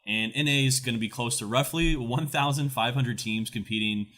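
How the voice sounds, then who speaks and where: A man's voice: medium pitch, normal speed, fairly bright tone. A young man co-hosting an esports news recap, talking casually with lots of fillers and restarts. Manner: chatty, many fillers and restarts. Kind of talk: casual chat.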